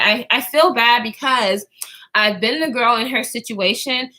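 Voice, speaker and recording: A woman's voice: a little high, moderate pace, bright, forceful tone. A woman in her twenties telling a story to her viewers in a casual, slangy way, swearing freely and often trailing off to restart.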